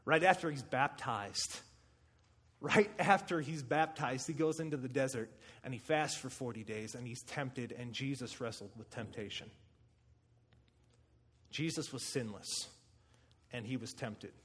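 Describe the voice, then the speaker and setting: A man preaching a sermon, telling stories with animation and acting out quotes with sudden shouts. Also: mid-range voice, a little slow, breathy edge. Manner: animated storytelling, acts out quotes with loud shouts.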